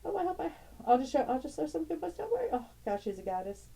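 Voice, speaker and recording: Middle-aged woman vlogger, warm mellow tone, rambling, tender, quick to laugh. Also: high voice, sing-song, rough recording. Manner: rambling, tender, laughs often, broken-off sentences. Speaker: tarot channel host. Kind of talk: casual emotional vlog, showing family photos.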